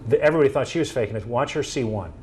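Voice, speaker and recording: A man gives a talk to a room of listeners, his voice sitting at an ordinary middle pitch. He tells his cases as stories, acting out both sides of the dialogue with lively energy. A faint hiss of noise runs under the recording. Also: rapid-fire. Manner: animated storytelling, acting out quoted dialogue. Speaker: presenter. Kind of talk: presentation talk to an audience.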